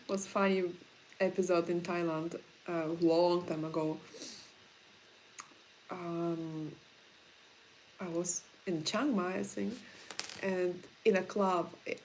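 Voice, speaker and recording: A woman's voice: lowish voice, darkish tone, a little hiss or hum. A woman with a Russian accent answering viewer questions in a casual livestream, blunt and frank in her chatty talk.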